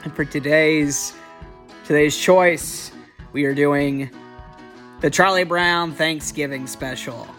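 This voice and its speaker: A man's voice: fairly high pitch, fairly even intonation, takes it slowly, long pauses, a bit bright, faint music behind. A young man giving a casual, rambling, joking film commentary as a vlogger. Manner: chatty, joking, full of fillers and restarts. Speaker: vlogger reviewing holiday films.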